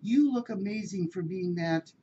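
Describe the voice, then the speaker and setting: A woman's voice: medium pitch, normal speed, mellow, lo-fi sound, slight background noise, natural voice. A woman voicing a courteous male shelter cat who speaks in a formal, polite way. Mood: courtly.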